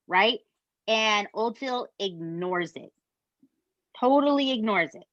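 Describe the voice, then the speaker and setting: A woman, co-hosting a podcast and retelling a true crime story in an animated, casual way that includes swearing. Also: medium pitch, slow pace, no room sound, highs cut off. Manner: animated, swears, addresses listeners as "you guys". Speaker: podcast co-host.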